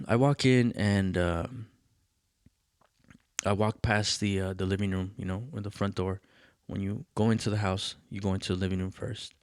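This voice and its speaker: Podcast host, male, lowish voice, dry close sound; swearing, animated storyteller. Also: unhurried, long pauses, clean tone, no echo. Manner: profane, animated, acts out quoted voices. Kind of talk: casual storytelling.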